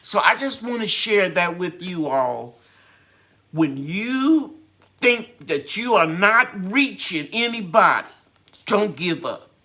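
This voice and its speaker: A woman's voice: fairly low pitch, very animated, slow pace, pushed and bright. A woman hosting a gardening channel's live stream chat, talking in a heartfelt, grateful and encouraging way.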